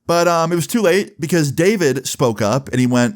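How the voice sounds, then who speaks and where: A man's voice: on the high side, lively intonation, moderate pace, few pauses. A young man telling a personal story in a casual, profane style, full of fillers. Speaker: vlogger. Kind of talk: storytime vlog.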